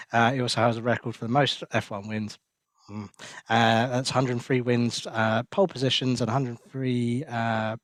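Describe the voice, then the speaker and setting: Male co-host, matter-of-fact stats talk, mid pitch, dry close recording. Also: dry recording. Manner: matter-of-fact, quotes statistics, short agreeing replies. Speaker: podcast co-host. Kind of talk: casual chat about motor racing.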